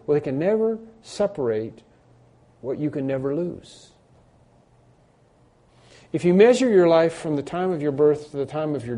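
A man's voice: medium pitch, warm tone. A man preaching a sermon as a pastor, earnest and repeating phrases for emphasis.

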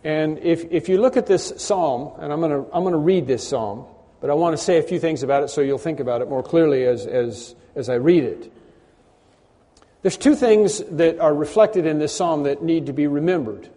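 Pastor preaching in a reverberant hall. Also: male voice, on the high side, moderate pace, warm tone. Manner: conversational, repeats words, frequent throat clearing. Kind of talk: sermon.

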